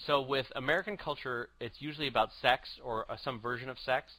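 A man's voice: mid-range voice, a little fast, pushed and bright, no room sound, poor audio. A man co-hosting a casual podcast, chatty and self-mocking. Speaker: podcast co-host. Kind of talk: casual chat.

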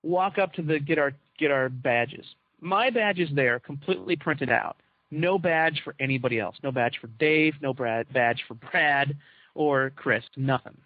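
Guy spinning a story for his cohosts, kinda high voice, acts out the quotes, dull dry lo-fi sound. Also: unhurried, no room sound. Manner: animated, acts out quoted dialogue. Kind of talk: casual storytelling among co-hosts.

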